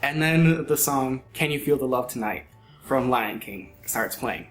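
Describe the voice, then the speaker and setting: A young man casually telling a story to friends, animated, acting out quoted voices and often saying "like". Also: mid-range voice, a little slow, echoey room, faint music behind. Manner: animated, acts out quoted voices, frequent "like" fillers.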